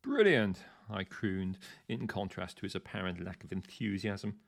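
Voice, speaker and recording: A man reads a first-person audiobook story with theatrical relish and an arch, knowing manner. His voice is low and gravelly. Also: flat delivery, moderate pace. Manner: theatrical and arch, savouring the words. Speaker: narrator.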